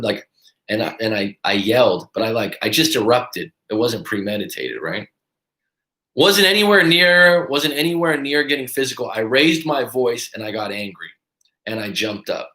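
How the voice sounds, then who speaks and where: A man with a mid-range voice tells a story in a relaxed, lively way, slipping into the voices of the people in it. His voice carries a noticeable roomy echo. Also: medium pitch, moderate pace. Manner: animated, acts out other people's lines. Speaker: breakup coach. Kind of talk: casual storytelling.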